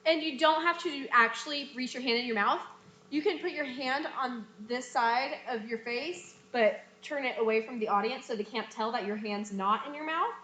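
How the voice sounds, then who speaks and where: Young woman teaching a script, plays the lines out loud, bright voice. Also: a little high, normal speed, echoey room. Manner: acts out lines in playful voices. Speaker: dance and theater teacher. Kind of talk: reading a script to students.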